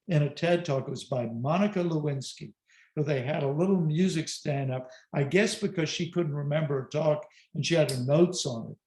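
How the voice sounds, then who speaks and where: A man's voice: on the high side, darkish tone. A man giving an online presentation as a speaker coach, talking conversationally with emphatic, self-deprecating asides, recorded at home on a video call. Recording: roomy echoey room.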